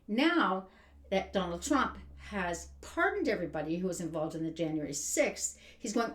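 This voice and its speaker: A woman's voice: lowish voice, expressive, normal speed. A woman giving an exasperated, emphatic rant as a vlogger. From Canada. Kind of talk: ranting commentary. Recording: roomy echo.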